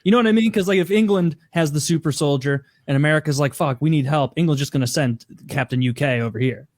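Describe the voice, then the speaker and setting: A man's voice: fairly high pitch, fast talker, a little mellow, dry recording. A man in a casual podcast chat, thinking aloud and rambling with lots of "like". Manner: rambling, heavy use of "like". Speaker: podcast co-host.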